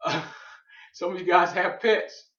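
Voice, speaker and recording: A man's voice: sits high, unhurried, a bit bright. A man gives a loose, joking faith talk to a group and wanders off on tangents. His voice is heard from a distance in an echoey room. The sound is dull. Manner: keeps saying "you know what I'm saying". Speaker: speaker on faith. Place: room with an audience.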